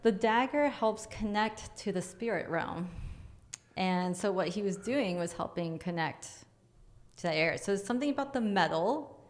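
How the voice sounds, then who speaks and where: A woman's voice: mid-range voice, animated, moderate pace. A woman guest, an energy healer, telling a story casually, acting out scenes and laughing often.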